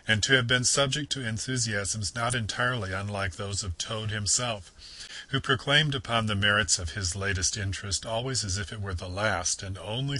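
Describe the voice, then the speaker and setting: A man giving a measured, formal scripted lecture on literature. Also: lowish voice, sharp tone, low-quality recording.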